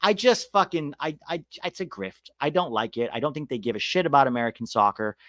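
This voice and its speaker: A man's voice: mid-range voice, animated, a little fast, a bit bright, no room sound. A man hosting a casual soccer podcast, talking bluntly and sarcastically, swearing freely as he answers viewers. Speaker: soccer podcast host reading live chat. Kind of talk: casual opinionated chat.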